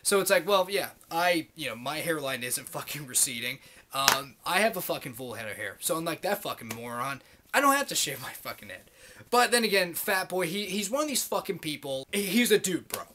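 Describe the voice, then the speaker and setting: A man's voice: on the high side, very animated, fairly quick, pushed and bright, slight background noise. A man in his late twenties giving a profane, rambling, heated monologue to the camera as a vlogger. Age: late 20s.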